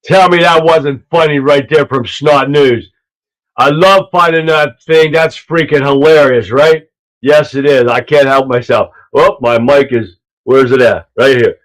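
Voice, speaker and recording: Loud, rambling livestream host, man. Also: medium pitch, a little slow, poor audio. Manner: loud, rambling, laughs at his own clips. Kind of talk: casual livestream commentary. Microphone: earpiece mic.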